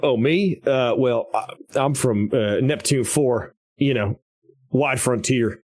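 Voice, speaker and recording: A man's voice: mid-range voice, takes it slowly, a little mellow. A man voicing a shy young frontier cowboy with a Southern drawl, stammering and bashful.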